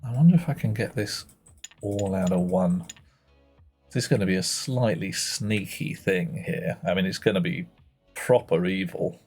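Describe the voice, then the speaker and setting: 一位直播游戏的男主播，声音低沉沙哑，带着明显的气泡音，说话慢悠悠，边想边自言自语，语气俏皮，背景有轻微音乐。. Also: male voice, deep voice, moderate pace, a little mellow, breathy edge, soft background music. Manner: playful, muttering to himself while thinking aloud. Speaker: game streamer. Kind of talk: live game-stream commentary.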